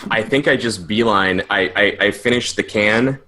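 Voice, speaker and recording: A man with a fairly low voice playing a tabletop game. He eagerly lays out his character's moves in quick bursts. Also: sharp tone. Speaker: player. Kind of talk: casual tabletop play.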